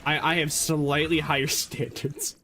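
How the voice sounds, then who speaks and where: A man's voice: a little high, flat delivery, unhurried, noisy background. A man streaming as a VTuber, chatting casually in a rambling, joking way and correcting himself as he goes, with lots of stammered restarts. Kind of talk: casual livestream chat.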